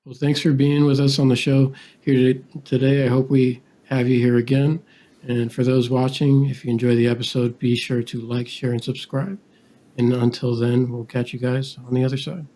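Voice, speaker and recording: A male podcast host with a mellow, dark voice that stays fairly flat in pitch. He chats casually and tells stories loosely with fillers. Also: normal speed. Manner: relaxed, chatty storytelling with fillers. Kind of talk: casual interview.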